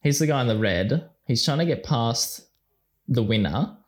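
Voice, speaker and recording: A man's voice: mid-range voice, normal speed. A man with an Australian accent co-hosting a casual sports chat. He laughs often and tells stories with energy. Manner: laughs often, animated storytelling. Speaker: podcast co-host.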